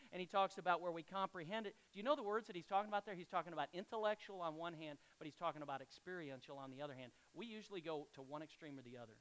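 A man delivers a sermon in a high, smooth and resonant voice. He talks in a conversational, storytelling way, often turning to the congregation with questions. It sounds like an easygoing pastor speaking from the pulpit. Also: a bit bright, rough recording.

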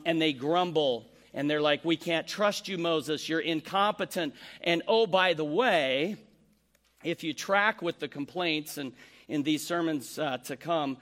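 A man preaching a sermon, animated, acting out the complaints he quotes. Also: on the high side. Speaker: pastor.

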